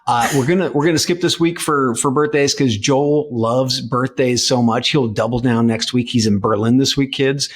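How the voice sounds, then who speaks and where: A man's voice: medium pitch, moderate pace, hardly any pauses, breathy edge. A man co-hosting a podcast, chatting casually with many fillers and restarts. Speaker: podcast co-host. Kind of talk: casual chat.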